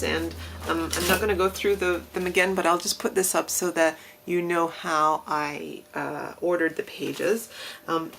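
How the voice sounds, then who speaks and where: A woman's voice: lowish voice, vocal fry, a bit bright, a little hiss or hum, low-quality recording. A woman hosting a casual crafting tutorial, chatty and rambling, with lots of fillers. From Australia. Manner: chatty, rambling, self-deprecating, with frequent fillers.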